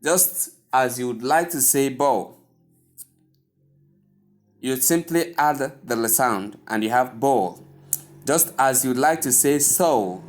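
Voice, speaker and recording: A man from Nigeria teaches English pronunciation at a very unhurried pace. He says each word several times over as he drills it, and he earnestly urges his listeners on. His voice sits at an ordinary middle pitch. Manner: earnest and gently urging. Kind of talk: slow instructional lesson over slides.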